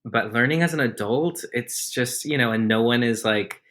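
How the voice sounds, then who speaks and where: A man's voice: medium pitch, normal speed, a bit bright. A man speaking as a podcast guest in easygoing, candid chat, joking about himself. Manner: easygoing, self-deprecating and candid. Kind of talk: casual interview chat.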